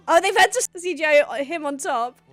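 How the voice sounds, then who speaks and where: Hosting a reaction video, a woman exclaims, gasps, and laughs as she watches, offering excited commentary. Her voice is very high-pitched and very animated yet unhurried, with soft music in the background.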